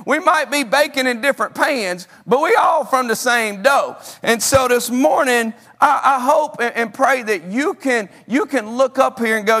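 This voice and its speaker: A man's voice: very high voice, normal speed, hardly any pauses. A man with a Southern accent, a guest student pastor preaching in a church with folksy, rambling storytelling. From Mississippi hills. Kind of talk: prayer and sermon. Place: church sanctuary. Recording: long church hall reverb, soft guitar.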